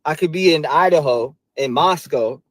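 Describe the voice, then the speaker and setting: A man in a played video clip, talking in a halting, rambling way. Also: fairly high pitch, a bit bright, no echo, rough recording.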